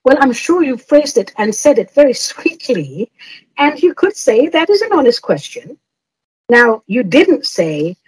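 A woman's voice: high voice, sing-song, measured pace, husky, low-quality recording. A woman hosting an advice podcast, answering listener letters in a playful, teasing way and laughing often.

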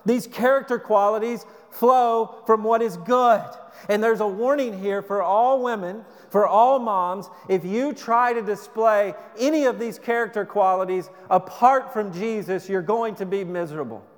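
A man preaching a sermon as a pastor, earnest, repeating words and dropping to a soft low voice for emphasis. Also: unhurried, few pauses, in a large hall.

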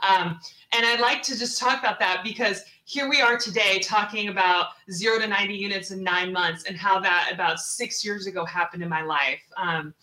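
Bright, earnest woman in a roomy space. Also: mid-range voice, fairly even intonation, moderate pace. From Seattle, US. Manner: earnest, repeats words for emphasis. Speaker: podcast guest, real estate investor. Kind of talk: personal story in an interview.

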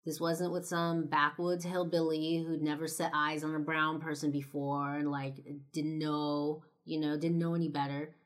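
A young woman from Los Angeles talks straight to camera in a low, deep-set voice. Her delivery is loose and conversational, scattered with "like" and "you know", and she swears bluntly as she tells her story. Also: flat delivery, moderate pace, hardly any pauses. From Los Angeles, United States. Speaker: vlogger.

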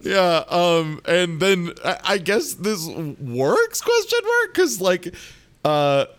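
Slow-talking man, wry and hesitant. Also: on the high side. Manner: wry, hesitant, drawn-out asides. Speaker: podcast co-host. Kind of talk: casual chat recapping a TV episode.

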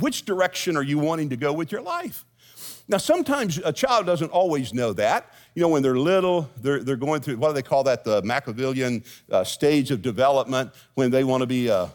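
Folksy pastor preaching. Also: male voice, medium pitch. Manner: folksy storytelling with jokes and asides. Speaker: senior pastor. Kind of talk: sermon. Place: church sanctuary with congregation.

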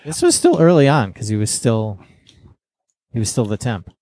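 A man's voice: mid-range voice, huge pitch swings, moderate pace, mellow, dry recording. A young man in casual podcast chat, explaining things patiently and setting others straight.

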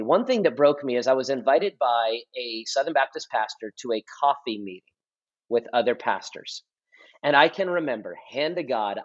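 A man in his thirties, a pastor, telling his testimony in a relaxed podcast conversation, earnest and repetitive for emphasis. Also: mid-range voice. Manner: earnest storytelling, repeats and restarts phrases for emphasis. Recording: slightly dull lo-fi audio.

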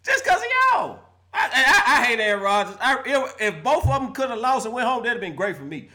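A man's voice: extremely high pitch, animated, quick pace, bright, forceful tone. A man hosting a live call-in sports show, roasting players and fans with playful trash talk and frequent laughter.

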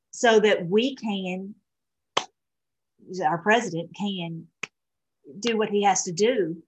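A woman's voice: medium pitch, a bit bright, poor audio. A middle-aged woman rambling through casual commentary as she reads posts aloud, with many restarts and fillers. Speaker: online show host.

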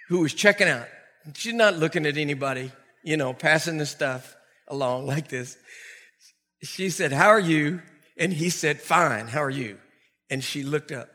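An older man preaching to a congregation in a church, telling a funny story in an animated way and laughing often. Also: high voice. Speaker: pastor. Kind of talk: storytelling sermon. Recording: long reverb from a large church hall.

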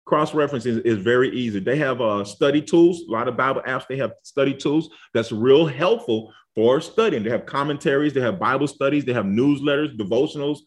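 A Bible teacher leads an informal study lesson, speaking conversationally and frequently checking in with "okay?" and "all right?" His mid-range voice moves fairly quickly with hardly any pauses.

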